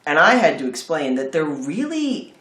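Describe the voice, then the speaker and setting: A man's voice: fairly high pitch, sing-song, moderate pace, fairly bright tone, roomy sound. A man hosting a casual film chat, rambling through tangents and swearing freely. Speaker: film review host.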